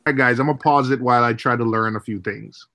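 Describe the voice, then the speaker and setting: A man's voice: medium pitch, fairly even intonation, quick pace, sharp tone. A man hosting a casual group livestream chat. He laughs easily and trails off and restarts mid-sentence. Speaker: livestream host.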